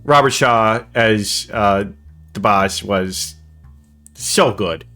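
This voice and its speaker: A man's voice: on the low side, extremely slow, sharp tone, soft background music. A man hosting a casual movie-review podcast, rambling and laughing at his own puns. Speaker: podcast host.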